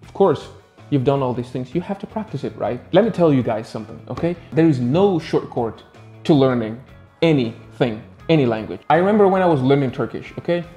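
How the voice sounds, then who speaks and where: Guy tutoring english, arabic is his first language, playful and bouncy, mellow warm tone, faint music behind. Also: a little fast. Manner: lively, playful, swings pitch up and down for emphasis. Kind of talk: casual video lesson.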